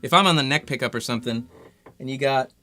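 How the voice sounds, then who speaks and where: A man hosting a casual guitar pedal demo, talking in a relaxed, conversational way with many fillers. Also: mid-range voice, quick pace. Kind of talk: casual gear demo talk.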